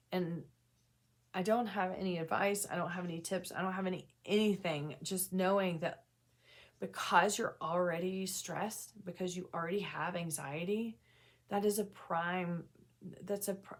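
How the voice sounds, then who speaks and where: Low-voiced woman, candid vlog talk. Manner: earnest and self-deprecating, with frequent restarts and asides. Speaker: mental health vlogger sharing personal experience. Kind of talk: candid casual talk to camera.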